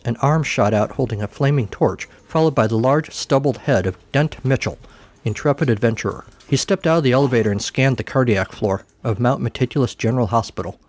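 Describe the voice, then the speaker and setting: A man narrating a comic story in a dry, deadpan manner, shifting his pitch for each character. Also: brisk. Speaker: podcast host reading a story.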